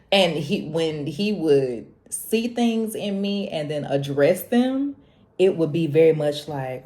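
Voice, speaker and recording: Young woman, low warm voice, animated confessional vlog talk. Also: a little slow. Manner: animated, preachy, laughs often, jumps high when quoting herself. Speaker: vlogger. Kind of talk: casual confessional talk to camera.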